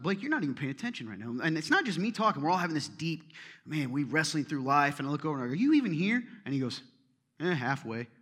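A pastor with a slightly high voice preaches a sermon, telling a story that swings between loud exclamations and hushed asides.

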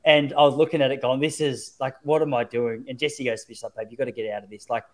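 A man's voice: mid-range voice, fairly even intonation, fast. A man, hosting a casual chat and telling self-mocking stories. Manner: chatty storyteller, self-mocking.

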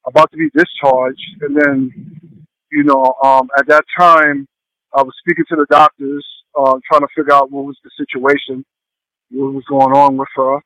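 A man sharing a heartfelt personal testimony, speaking haltingly with many pauses and fillers. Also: medium pitch, flat delivery, a bit bright, dry recording, low-quality recording. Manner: earnest and heartfelt.

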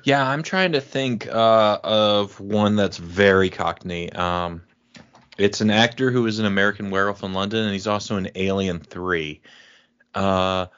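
A man in casual movie chat, rambling and pausing with fillers as he recalls names. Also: on the low side, fairly bright tone, smooth. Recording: dull lo-fi sound.

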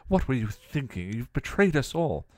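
A man's voice: medium pitch, sing-song, moderate pace, dry recording, clean studio sound, pitched above the performer's own voice, close to an everyday voice. A man voicing a stern, scholarly older male mentor who scolds and explains himself in a story reading. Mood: furious.

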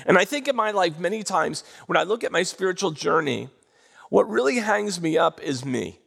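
A man preaching a sermon in church, animated and drawing responses from the congregation. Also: high-pitched, moderate pace, creaky, slightly rough. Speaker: pastor. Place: church sanctuary.

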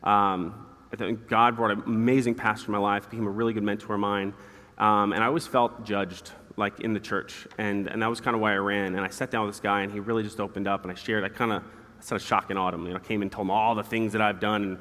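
Low-ish voiced guy telling his story fast, long echo like a big hall. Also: flat delivery, fairly bright tone. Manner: quick, earnest, laughs at his own stories. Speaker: guest. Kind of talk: candid storytelling interview. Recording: hall reverb.

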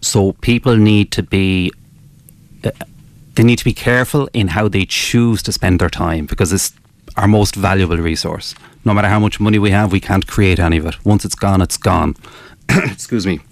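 A man, a business author interviewed as a guest, explaining his ideas in a measured way with frequent restarts. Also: sits low, fairly even intonation. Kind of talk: radio interview.

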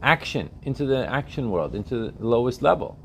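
A man's voice: medium pitch, big pitch swings, a little fast, a little hiss or hum. A man teaching a religious text class, often asking his students questions and checking that they follow.

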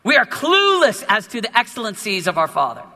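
A man preaching a sermon as a youth pastor in an emphatic, animated way, with many repetitions. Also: sits high, fairly quick, big-room sound.

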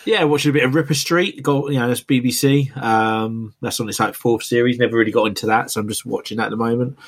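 A British man chats easily at a middle pitch. He talks in a laid-back, hesitant way with lots of fillers. The sound is a remote call recording. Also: fairly bright tone. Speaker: podcast guest host. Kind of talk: casual chat.

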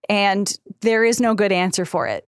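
A woman co-hosts a chatty podcast in a frank, down-to-earth way, with swearing and quick laughs. She speaks in a middle-pitched voice, close to the mic in a dead, dry room. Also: lively intonation, smooth, no room sound. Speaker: podcast co-host. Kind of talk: casual chat.

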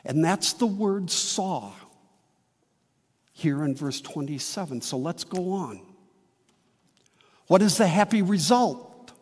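High-voiced pastor preaching slowly in a hall. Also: male voice, lively intonation, breathy edge. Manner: earnest, emphatic preaching with slow dramatic pauses. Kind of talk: sermon.

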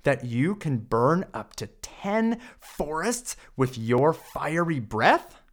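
A man voicing a clever, bold young princess in a read-aloud picture book, sly and flattering. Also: fairly high pitch, slow pace, heavily acted.

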